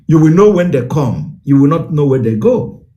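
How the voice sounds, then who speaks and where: A political broadcaster with a Nigerian accent gives a fiery, declamatory address full of repetition. His voice runs high and sing-song with a dark tone at normal speed, and the recording sounds muffled.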